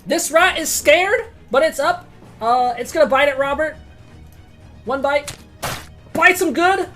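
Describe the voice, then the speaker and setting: A woman running a tabletop game as game master, excitable and swearing, swinging from quiet to loud. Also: sits high, measured pace, faint music behind.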